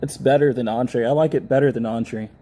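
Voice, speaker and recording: A man's voice: medium pitch, steady tone, a little fast, dark tone. A man casually chatting on a live stream, thanking viewers, reading their comments aloud and laughing often. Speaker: livestream host. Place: indoors, public building.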